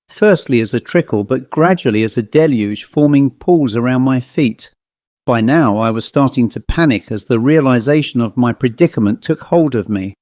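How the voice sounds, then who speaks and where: Male audiobook narrator, first-person ghost tale, measured and even, mid-pitched, dry booth sound. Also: no echo.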